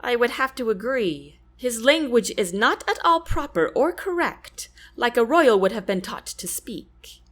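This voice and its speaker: A woman's voice: on the high side, lively intonation, measured pace, few pauses, a bit bright. A woman voicing a nervous, shy young nobleman who talks hesitantly.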